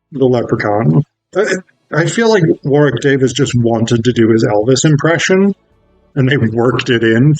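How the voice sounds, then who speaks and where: A man's voice: mid-range voice, gravelly, no echo, low-quality recording. A man reviewing a film in a casual, wry video essay, swearing freely as he talks.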